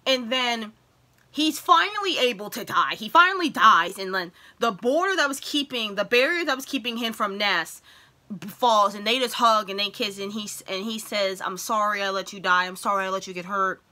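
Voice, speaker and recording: Young woman vlogger, bright and sharp tone, chatty, filler-heavy, spikes high when excited. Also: moderate pace. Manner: excited retelling with many fillers, voice jumps high when worked up. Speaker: vlogger reviewing a film. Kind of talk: casual chat.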